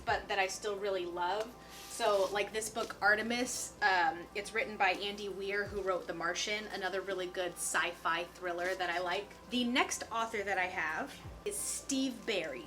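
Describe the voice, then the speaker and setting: A woman in her twenties chatting casually as a lifestyle vlogger, bubbly and full of "like". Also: medium pitch. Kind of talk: casual chat.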